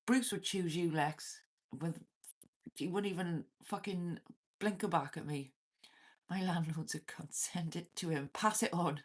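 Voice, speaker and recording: A Welsh woman chats loosely with her viewers on a livestream, her voice sitting a little low. She laughs a lot and swears without a second thought. She is talking from inside her cabin. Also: a little slow. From Wales. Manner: laughs often, swears freely, banters with chat. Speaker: livestream host. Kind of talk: casual livestream chat with viewers.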